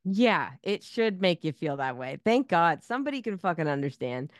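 A woman's voice: on the low side, moderate pace, dry recording, studio quality. A woman co-hosting a podcast in casual chat, swearing freely and joking sarcastically. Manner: swears a lot, animated and sarcastic. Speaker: podcast co-host.

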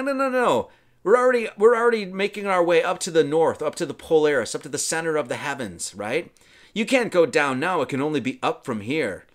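A man voicing an old male wizard, brisk and teasing, quick and scolding. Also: fairly high pitch, fairly bright tone, pitched above the performer's own voice.

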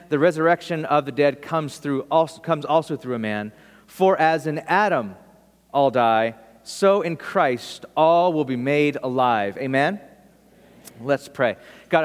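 A man's voice: fairly high pitch, big-room sound. A man preaching in a church, casual and conversational, with humorous asides. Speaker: pastor. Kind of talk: sermon.

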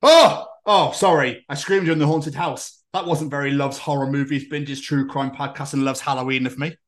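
A man's voice: medium pitch, normal speed. A man co-hosting a podcast, joking and swearing in casual chat, with frequent laughs. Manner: sweary, jokey, lively, bursts of laughter. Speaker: podcast co-host.

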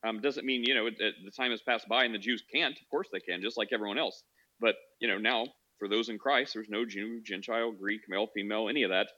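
Bright-voiced casual host, lo-fi sound. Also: male voice, on the low side, fairly even intonation, fast talker. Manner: easygoing, lots of fillers. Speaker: host of a social audio room. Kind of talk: casual chat. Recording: dull lo-fi audio.

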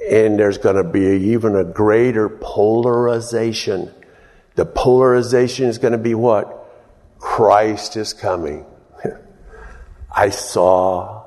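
A pastor preaching a sermon in a folksy, storytelling way, chuckling and breaking into loud exclamations. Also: male voice, on the low side. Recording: long hall reverb.

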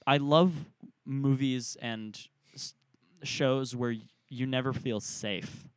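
A man in his twenties chats on a podcast with real feeling, his voice rising when he gets excited. The sound is dry and close to the mic, with no room around it. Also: mid-range voice, takes it slowly, no echo. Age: 20s. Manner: earnest, animated, laughs often. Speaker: podcast co-host. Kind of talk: casual chat.

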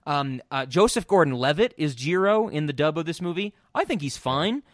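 A man's voice: fairly high pitch, lively intonation, moderate pace, no room sound, clean studio sound. A man hosting a podcast, chatting casually and rambling with strong opinions about film voice acting. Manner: rambling and opinionated, many ums and restarts, swears. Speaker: podcast host.

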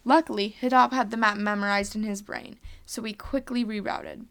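A woman's voice: medium pitch, steady tone, moderate pace, vocal fry, a bit bright. A woman earnestly reading a homemade space adventure story aloud.

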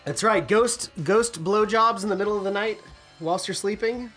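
A man's voice: high voice, moderate pace, sharp tone, faint music behind. A man co-hosting a podcast in casual chat, rambling and jokey with lots of fillers. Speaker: podcast co-host.

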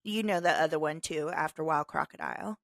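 A woman's voice: deep voice, fast talker, gravelly, no room sound, studio quality. A woman co-hosting a podcast in casual chat, giggling often and playful as she reads things aloud. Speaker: podcast co-host.

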